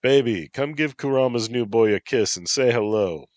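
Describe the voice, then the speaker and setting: A man's voice: sits low, expressive, a little slow, no room sound. A man voicing a crude, mocking middle-aged male cat yokai king in a storybook reading. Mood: brash mocking.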